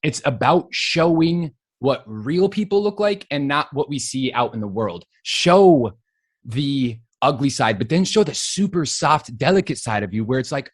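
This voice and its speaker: A guest actor in his thirties from Western Massachusetts chats animatedly in a casual interview, using lots of fillers and laughing easily. His mid-range voice is expressive and slightly rough, at a measured pace with no echo.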